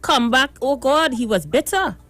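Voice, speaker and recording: Trinidadian female call-in host, high-pitched, brisk and teasing, music bed. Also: animated, a bit bright. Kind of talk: call-in radio hosting.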